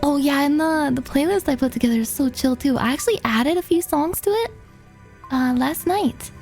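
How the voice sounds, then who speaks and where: A woman's voice: sits high, moderate pace, a little mellow, faint music behind. A woman streamer in casual chat, rambling and laughing, with lots of "like" fillers. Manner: rambling and laughing, heavy use of "like".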